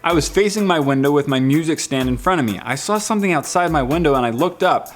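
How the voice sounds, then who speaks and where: Male vlogger in his twenties, slightly high voice, playful and joking as he reads comments, light music bed. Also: quick pace. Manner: playful, jokey, animated. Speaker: vlog host. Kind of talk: reading viewer comments aloud.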